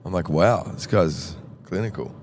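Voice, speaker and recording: A lower-voiced Australian man spins a lively anecdote as a podcast co-host, slipping into the voices of the people in his story. He talks in a loose, casual way. A faint engine hum sits behind him from the tour bus. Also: normal speed. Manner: animated, acts out voices in anecdotes.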